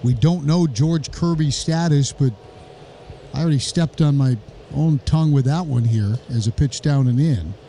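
A man's voice: fairly high pitch, a little hiss or hum. Wry baseball play-by-play man. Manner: brisk, wry, jokey asides, rising excitement on big plays. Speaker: play-by-play announcer. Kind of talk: live baseball commentary.

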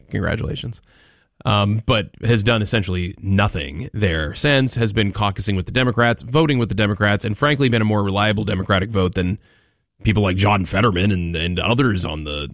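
A man's voice: lowish voice, dry recording, clean studio sound. Sarcastic male talk radio host. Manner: sarcastic, dramatic mock outrage.

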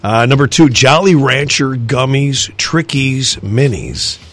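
A man's voice: mid-range voice, expressive, takes it slowly. A male radio host in casual on-air banter, easygoing and rambling. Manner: easygoing, rambling, self-amused.

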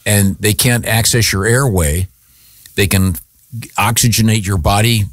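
A man's voice: fairly low pitch, a little slow, no echo, studio quality. A man hosting a morning radio show, joking and rambling with restarts and laughs. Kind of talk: casual radio banter.

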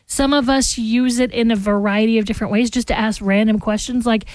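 A woman's voice: fairly high pitch, steady tone, a little fast, dry recording. A woman hosting a morning radio show, chatting casually and rambling straight to her listeners. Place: radio studio. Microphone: studio microphone.

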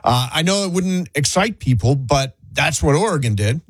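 A man co-hosting a sports radio show, talking casually and excitedly, often restarting his sentences. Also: on the high side, moderate pace, slightly rough, dry recording. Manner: animated, trails off and restarts.

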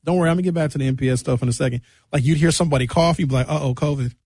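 A young male comedian telling a stand-up story with lots of animation, acting out the voices of the people in it. His voice is a little husky and sits fairly high for a man. The sound is dry and close, with almost no room echo. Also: racing. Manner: animated, acts out quotes, shifts pitch for punchlines.

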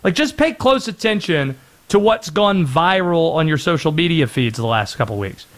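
A man hosting a sports talk radio show, animated and joking, sometimes putting on silly voices. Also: fairly high pitch, normal speed.

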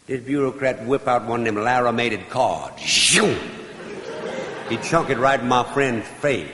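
A man's voice: mid-range voice, normal speed, a crowd in the background. A man telling a comic story on stage in a folksy drawl, hollering the punchlines. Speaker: comedian. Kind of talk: storytelling comedy routine. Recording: echoey live recording with faint noise.

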